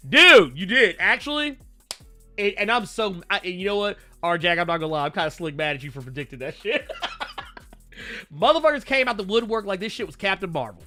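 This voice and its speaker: An excitable man chats on a comic book live stream, his voice high and jumping all over. The tone is bright and forceful. He rambles, stumbles and swears as he goes. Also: brisk, soft background music. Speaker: co-host of a comic book talk show. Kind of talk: casual live-stream chat.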